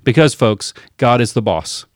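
A man's voice: mid-range voice, expressive, normal speed, dry recording, clean studio sound, natural voice. A man putting on a boastful male politician preaching a sermon in a bragging, repetitive rally cadence.

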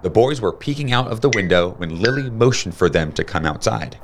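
A man reading a children's storybook aloud in a steady, plain storytelling manner. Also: lowish voice, brisk, noisy background. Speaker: storybook reader.

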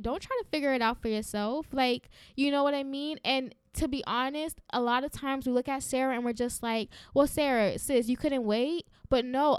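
A woman's voice: sits high, dry recording, clean studio sound. A woman hosting a faith-based podcast, encouraging listeners in a fervent, preachy way and often tagging lines with "right?". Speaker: podcast host.

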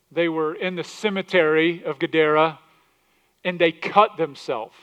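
A man's voice: high voice, fairly bright tone, clear, resonant tone. A male pastor preaching a sermon, reading scripture aloud in old English and putting direct questions to his congregation.

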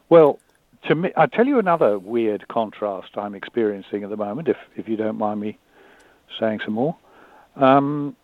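A man talking candidly and thoughtfully, often pausing and repeating words as he searches for them. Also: lowish voice, no room sound. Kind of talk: candid conversation. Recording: dry tinny phone-like line.

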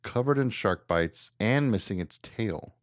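A man's voice: fairly low pitch, unhurried, no room sound, studio quality. A man co-hosting a casual podcast, joking and reading news stories aloud with frequent "uh" fillers. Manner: relaxed, joking, reads articles aloud with filler "uh". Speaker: podcast co-host.

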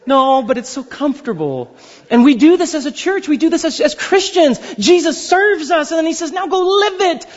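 A man's voice: extremely high pitch, sing-song, moderate pace, dull audio. A man preaching a sermon as pastor, joking and acting out little dialogues.

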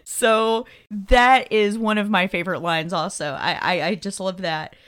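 A woman co-hosting a podcast in casual, quick banter, laughing often between her lines. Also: mid-range voice, a bit bright, smooth. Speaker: podcast co-host. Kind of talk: casual chat.

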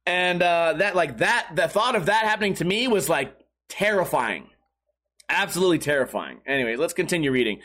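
A young man with a high voice reads articles aloud and riffs on them. He swears a lot, rambles and restarts his sentences mid-thought. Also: expressive, fairly quick, sharp tone. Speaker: streamer reacting to news articles. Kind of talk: casual profane commentary.

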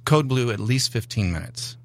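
A middle-aged man telling a personal testimony on a talk show, animated and acting out the voices in his story. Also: medium pitch, normal speed. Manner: animated storyteller, acts out dialogue. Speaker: guest. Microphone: studio mic.

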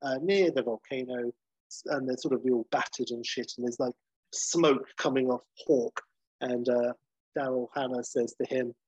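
A man co-hosting a podcast, telling a comic sequel plot in a casual, animated way. He jumps into the characters' lines and laughs often. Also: mid-range voice, moderate pace, breathy edge, no room sound, poor audio. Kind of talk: casual comedic storytelling.

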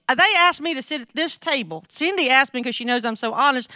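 At a quick pace with few pauses, a middle-aged Southern woman with a Southern accent delivers a conversational sermon to a women's gathering, candid and chatty and often checking in with questions for her listeners. This women's ministry speaker has a high, bright, forceful voice, recorded cleanly in a studio with no echo.

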